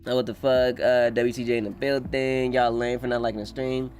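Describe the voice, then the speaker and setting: A man's voice: medium pitch, a little fast, gravelly, hardly any pauses, a little mellow, soft background music. A man streaming a live reaction, chatting loosely with swearing, reading chat aloud and laughing often. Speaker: streamer reacting to a manga chapter.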